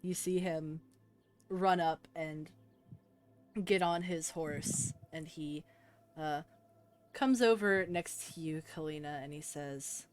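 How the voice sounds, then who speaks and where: A woman narrating a tabletop game as game master, in calm, measured storytelling. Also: deep voice, faint music behind.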